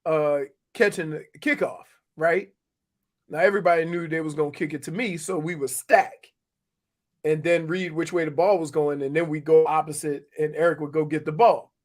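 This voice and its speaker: Middle-aged male sports radio co-host, light high voice, lively storyteller, casual. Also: moderate pace. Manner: animated storytelling, laughs often. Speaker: sports radio co-host, former NFL player.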